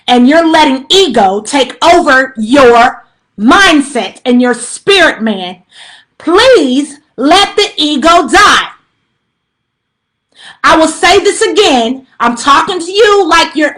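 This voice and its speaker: A high-pitched woman speaks on a phone livestream, urgent and preachy, repeating her warnings again and again. Her voice is bright and forceful, and she mixes casual slang and fillers in with her sermon-like pleas. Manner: casual slang-laced talk with frequent fillers. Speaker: livestreamer giving a spiritual message. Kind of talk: impassioned direct-address livestream plea. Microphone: phone on a live stream.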